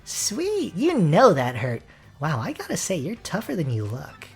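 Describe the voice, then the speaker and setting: A man raises his voice into a sassy young schoolgirl sidekick in a video game, peppy and full of encouragement. Her voice bounces around with lively pitch swings, raised above the performer's own register, and the delivery stays chirpy and upbeat. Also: unhurried, vocal fry, slightly rough, faint music behind, exaggerated voice. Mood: cheerful.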